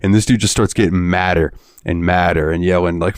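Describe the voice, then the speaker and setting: A man co-hosting a podcast, telling a story in a loose, profane way. His voice sits low. The sound is dry and close, and he often breaks into laughter. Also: fairly even intonation, a little fast, smooth, no room sound. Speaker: podcast host. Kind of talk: casual chat.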